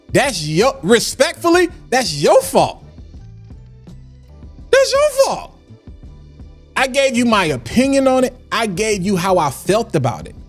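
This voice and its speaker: A man hosting a casual livestream, talking in a preachy way and repeating lines for emphasis. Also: extremely high pitch. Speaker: livestream host.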